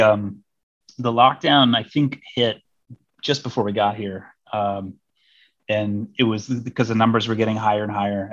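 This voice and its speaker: A man's voice: fairly low pitch, no echo, lo-fi sound. A man from Missouri, a diplomat, chatting casually as an interview guest, rambling with many fillers and restarts. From Missouri, United States.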